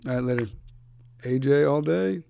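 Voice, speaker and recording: A man's voice: mid-range voice, normal speed, creaky. A man from Philadelphia hosting a podcast, chatting casually with a guest, laid-back and rambling with lots of fillers and restarts. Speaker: podcast host. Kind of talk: casual interview chat.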